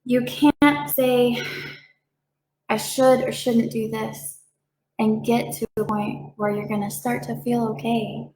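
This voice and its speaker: A woman giving a calm, reassuring talk as a reiki practitioner, with playful voiced asides. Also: a little high, takes it slowly, echoey room, slight background noise, low-quality recording. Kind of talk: gentle explanatory talk.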